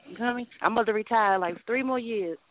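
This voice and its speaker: A woman co-hosting a call-in show, talking in a rambling, excited way with frequent laughs. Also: a little high, fast talker, dry recording. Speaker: radio show co-host. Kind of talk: casual call-in chat. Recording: tinny phone-line audio, dry.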